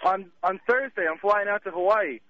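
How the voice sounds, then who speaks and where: A man's voice: high voice, moderate pace. A man calling in to a radio show, teasing the host with a laugh and apologizing when he cuts in, heard on a dull lo-fi line.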